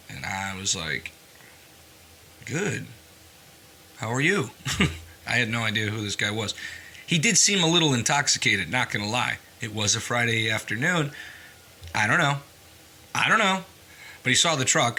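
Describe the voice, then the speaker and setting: A man's voice: mid-range voice, pushed and bright. A young adult man, a farmer hosting his own podcast, telling stories in a chatty way with jokey asides. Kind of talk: casual podcast monologue.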